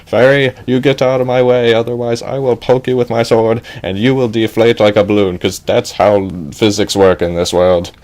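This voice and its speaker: Man as a brash, dopey warrior, mid pitch, blustering. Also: fairly even intonation, normal speed, few pauses, a little mellow, close to an everyday voice. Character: dim-witted cocky young warrior.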